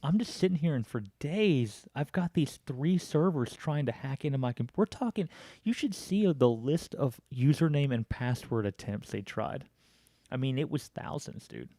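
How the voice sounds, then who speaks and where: Animated male storyteller, dry close sound. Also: mid-range voice, moderate pace, dry recording. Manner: animated storyteller acting out both sides of phone calls. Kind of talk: casual chat.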